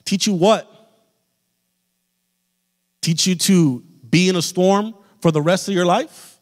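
A man's voice: fairly high pitch, unhurried, long pauses. A male pastor preaching a sermon with passion, speaking straight to his congregation. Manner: impassioned preaching, addresses the congregation directly. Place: church sanctuary. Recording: long reverb of a church hall.

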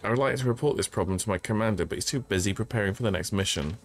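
Low-voiced jokey male streamer. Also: racing. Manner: jokey, reads notes aloud, yelps when startled. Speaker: game streamer. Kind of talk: casual gameplay commentary.

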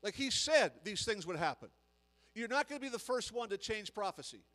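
Man, high voice, preaching a sermon, emphatic, repetitive, building in volume. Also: big pitch swings, fairly quick, a bit bright, long reverb tail, poor audio. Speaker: guest preacher.

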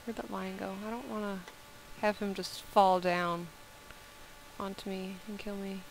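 A woman narrating her video game play in an easygoing, playful way, chatting to the animals she meets. She talks at an unhurried, slow pace. A steady hiss of background noise sits under her voice. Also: medium pitch, vocal fry, poor audio. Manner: playful, chats to the game's animals. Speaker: video game let's-player. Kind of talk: casual gameplay commentary.

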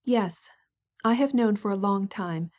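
A woman's voice: medium pitch, a little slow, a little mellow, close to an everyday voice. A woman voicing a proud, resentful princess who speaks sharply and feels wronged. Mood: bitter, indignant. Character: proud bitter princess, middle-aged woman.

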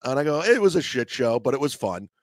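A man's voice: mid-range voice, sing-song, quick pace, no room sound. A man telling a story casually, then arguing defensively and repeating accusations of lying. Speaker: call-in guest. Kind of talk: casual storytelling and heated argument.

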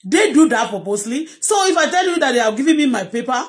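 Middle-aged Nigerian-accented woman, personal vlog, pleading and repetitive, slightly high voice. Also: lively intonation, fast talker. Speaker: vlogger.

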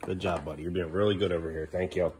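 A low-pitched, steady-toned father speaks quickly in his kitchen while making a family vlog, coaxing his kids and then getting firm. He turns to the camera for casual asides as crowd noise carries in the background.

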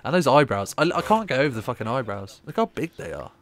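A young man trades casual, sweary jokes while reacting to a film with a friend. His voice sits at a middle pitch, and his banter is loose and quick. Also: very animated, fairly bright tone, slight background noise.

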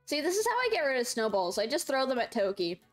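Young woman streaming a game, kinda high voice, faint music under it, chatty and giggly. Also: very animated, quick pace. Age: young adult. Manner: chatty, laughs a lot, reads chat aloud. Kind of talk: casual gaming stream chat.

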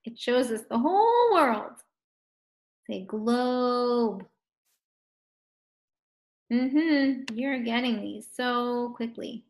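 A woman's voice: on the high side, lively intonation, takes it slowly, few pauses. A woman teaching a recorded phonics lesson to first graders, sounding out words and praising the children.

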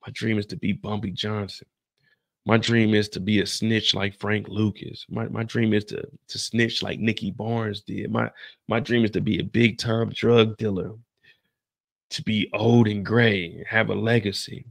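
Man putting on a cocky young dealer, lowish gravelly voice, blunt and boastful. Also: little pitch movement, moderate pace, no echo. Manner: boastful, blunt street talk. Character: cocky young male drug dealer dreaming big.

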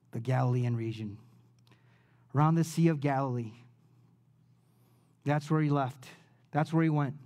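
A man preaching a sermon as pastor, telling the story in a casual way with slang, rising loud and dropping to a hush. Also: on the high side.

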